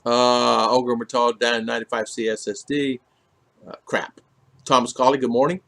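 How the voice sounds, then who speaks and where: Speaking at a middle pitch in a level tone and at normal speed, a man greets viewers by name and answers their comments on a casual home livestream in the Philippines. His gravelly, fairly bright voice rambles, stopping and restarting often, with lots of "uh" filling the gaps.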